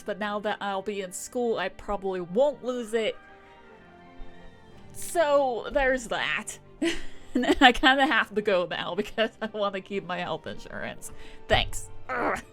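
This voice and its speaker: Young woman streamer rambling casually, swears a lot, faint music behind. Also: medium pitch. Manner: rambling, swears and laughs often. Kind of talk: casual live-stream chat.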